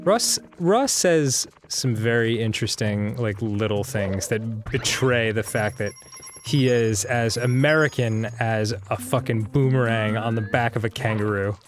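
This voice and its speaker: Relaxed man in casual banter. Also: mid-range voice, unhurried. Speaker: co-host.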